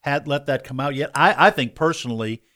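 A man's voice: mid-range voice, fairly quick, bright, forceful tone. Emphatic opinionated male radio co-host. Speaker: radio talk show co-host. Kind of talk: opinionated political talk radio banter.

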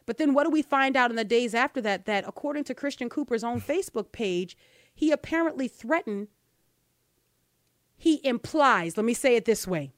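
A woman's voice: on the high side, animated, normal speed, no echo, clean studio sound. A woman hosting a talk show, giving emphatic opinion commentary and tossing in rhetorical "right?" questions.

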